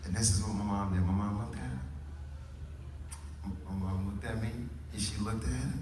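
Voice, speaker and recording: A man in his thirties from New Orleans doing a stand-up comedy set, telling loose, animated stories with slangy punchlines. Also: fairly low pitch, normal speed. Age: 30s. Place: comedy club stage with a live audience. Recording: roomy, distant club recording with audience noise.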